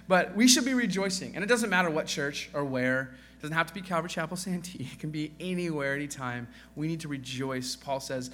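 Bright-voiced male pastor, conversational sermon. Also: fairly high pitch, brisk, gravelly, faint music behind. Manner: conversational, acts out quoted voices; self-deprecating joking asides.

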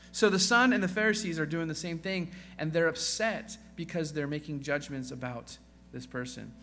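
Bright-voiced male pastor, conversational sermon. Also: fairly high pitch, a little fast, few pauses, slight background noise. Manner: conversational, acts out quoted voices; self-deprecating joking asides.

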